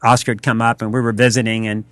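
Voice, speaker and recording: His delivery is flat and fast, the tone a bit bright and smooth at a medium pitch, recorded with no echo. He's a restaurant co-owner with a Texan accent, telling rambling, filler-heavy stories on a podcast and acting out the dialogue in a relaxed interview.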